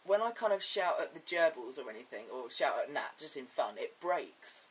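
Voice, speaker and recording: A man chatting in a casual video diary, his voice deepening and cracking, rambling and giggling as he talks. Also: big pitch swings, normal speed, a bit bright, breathy edge, recorded from a distance, poor audio. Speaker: vlogger.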